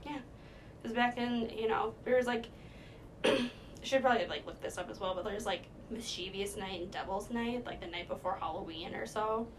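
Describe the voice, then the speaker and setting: A woman's voice: mid-range voice, moderate pace, noisy background. A young woman from Minnesota, cohosting a podcast, telling a story in casual chat with lots of fillers and giggles. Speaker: podcast co-host.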